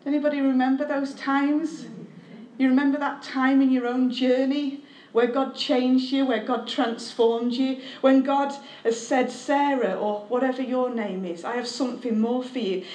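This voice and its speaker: A woman's voice: sits high, unhurried, hardly any pauses, a little mellow. A woman, a pastor giving a candid, conversational testimony sermon with self-deprecating humor. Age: 30s. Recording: echoey room.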